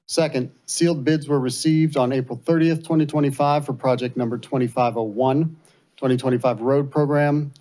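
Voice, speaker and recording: A man's voice: mid-range voice, dark tone. An American man, the mayor, reading bid results into the record in a matter-of-fact way.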